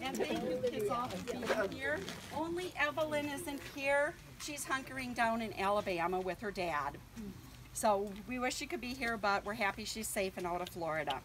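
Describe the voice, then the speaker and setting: A woman's voice: fairly high pitch, animated, normal speed, a bit bright, a little hiss or hum, rough recording. An older woman giving a casual, nervous speech at her book launch party, thanking family and friends with lots of ums. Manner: chatty and nervous, with frequent um and laughs.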